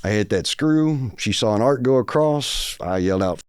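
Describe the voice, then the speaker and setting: A man with a low, resonant voice tells a story in a plain, matter-of-fact way, rambling on from one detail to the next. The recording is dry and close, with no room sound. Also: lively intonation, normal speed, clean tone, dry recording. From Texas. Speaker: podcast guest. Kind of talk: casual storytelling.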